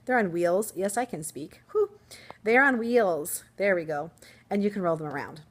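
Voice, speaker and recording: A woman's voice: on the low side, husky. A woman teacher talking casually to her viewers from home in an upbeat, chatty way, laughing easily. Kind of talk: casual vlog chat.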